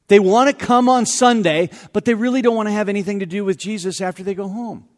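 A man preaching a sermon as pastor, conversational and animated, with self-deprecating asides. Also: high-pitched, quick pace, big-room sound.

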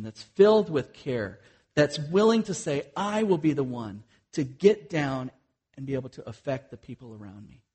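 A man's voice: mid-range voice, darkish tone, husky. A man, a missionary, preaching a sermon in an earnest, conversational way, with frequent fillers and restarts.

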